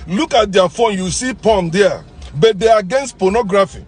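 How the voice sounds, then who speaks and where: A man with a Nigerian English accent hosting his channel in a ranting monologue, swinging between loud outbursts and low muttering. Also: moderate pace, husky. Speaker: channel host.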